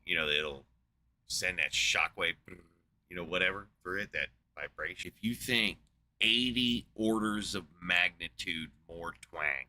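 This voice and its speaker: Low voiced dude with a really sharp edgy tone, rambling and swearing through casual podcast chat. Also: male voice, unhurried, a little hiss or hum. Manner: rambling, profane, sarcastic. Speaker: podcast host.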